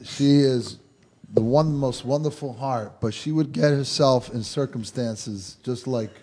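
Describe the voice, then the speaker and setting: A man hosting a talk show, telling a family story in an animated way and laughing as he goes. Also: mid-range voice, measured pace. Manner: lively, laughs through his stories. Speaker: host.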